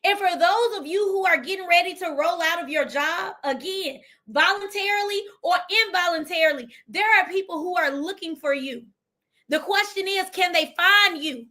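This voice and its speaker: A woman's voice: very high-pitched, moderate pace, bright, forceful tone. A woman from Memphis with a Southern accent, giving an emphatic motivational livestream talk as a business coach, repeating lines for effect. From Memphis, Tennessee, US.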